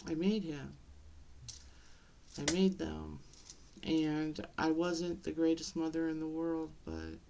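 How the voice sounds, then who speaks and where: A middle-aged woman talking to the camera in a personal vlog, halting and tearful, with many pauses and restarts. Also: sits low, vocal fry, a little mellow, a little hiss or hum. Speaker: vlogger.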